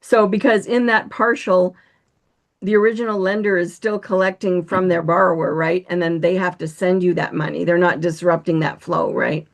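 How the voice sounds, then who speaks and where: A woman's voice: lowish voice, steady tone, moderate pace, vocal fry. A woman hosting an interview podcast who asks questions and sums up points, often ending with "right?". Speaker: podcast host.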